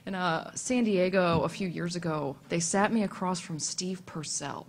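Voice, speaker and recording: A woman on a convention panel telling a self-deprecating story in a chatty way, with quick asides. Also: fairly low pitch. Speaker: comics artist on a convention panel.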